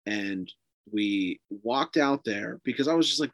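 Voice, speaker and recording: A man's voice: fairly low pitch, moderate pace, no echo. A man, a podcast guest, casually tells a long ghost story with lots of swearing and fillers. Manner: profane, animated, lots of fillers.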